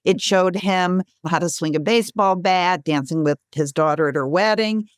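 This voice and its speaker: A woman in her sixties, a guest author, telling a lively story in a podcast interview and acting out the quotes. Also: fairly low pitch, normal speed, no echo, studio quality. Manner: lively, animated storyteller who acts out quotes.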